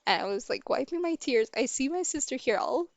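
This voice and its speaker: Young woman streamer with a candid, halting delivery and a dry close-miked sound. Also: sits high, animated, no echo. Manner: candid and halting, with many restarts. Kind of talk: casual personal storytelling.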